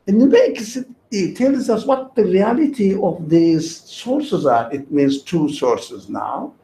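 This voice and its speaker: A high, lively male voice explains religious ideas slowly, reasoning aloud through everyday examples. He sounds mellow and patient. The recording is echoey, with a faint background hiss. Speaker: religious teacher. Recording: echoey room with faint noise.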